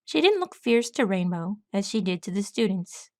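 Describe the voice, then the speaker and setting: Lady reading her own fanfic audiobook, middle pitch, steady, super dry mic. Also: moderate pace, dry recording. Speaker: audiobook reader. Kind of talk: audiobook narration of fan fiction.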